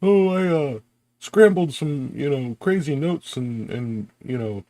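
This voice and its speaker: Man doing a high, rambling mock of his buddy, teasing. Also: lively intonation, slow pace, warm tone, no echo, poor audio. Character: goofy mock version of his male co-host.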